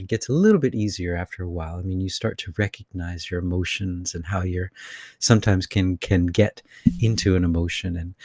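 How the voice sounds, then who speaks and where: A man hosting a live spiritual channeling session, talking casually from his room in a rambling way with many fillers and animated bursts. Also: deep voice, dry recording, clean studio sound. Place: his room with air conditioner on.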